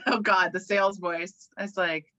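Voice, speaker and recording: A woman's voice: mid-range voice, fairly even intonation, a little slow, sharp tone, no room sound, highs cut off. A woman chatting playfully in an interview, laughing often and slipping into silly voices. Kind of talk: casual interview chat, trying out voices.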